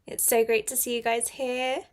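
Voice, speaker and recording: Woman, young, English teacher on a live stream, chatty, encouraging, slightly high voice. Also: level tone, moderate pace, a little mellow. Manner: chatty and encouraging, reads viewers' comments aloud.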